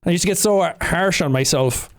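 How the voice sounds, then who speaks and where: An Irish man reacting to his own old gaming videos in casual commentary, animated with loud playful outbursts. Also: high-pitched, moderate pace.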